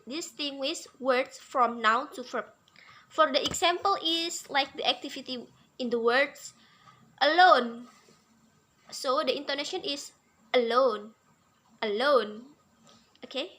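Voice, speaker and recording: A young woman, an Indonesian native, explains an English lesson in a high, bright voice. She reads slowly from her notes and repeats words as she goes. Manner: slow, careful reading with fillers and repeated words. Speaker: English teacher. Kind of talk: reading lecture notes.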